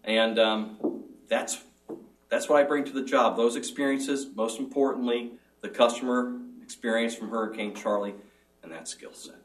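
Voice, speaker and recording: A man's voice: medium pitch, fairly even intonation, moderate pace, far from the mic, rough recording. A middle-aged man answering as a job candidate in a formal interview, speaking earnestly and measuredly with small restarts.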